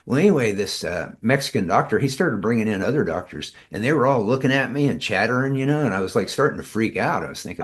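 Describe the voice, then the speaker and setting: A man with a fairly low voice talks as a guest in a casual interview. He is a tai chi teacher who tells long, loose stories full of fillers and restarts. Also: expressive, brisk, slightly rough. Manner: rambling, many fillers and restarts.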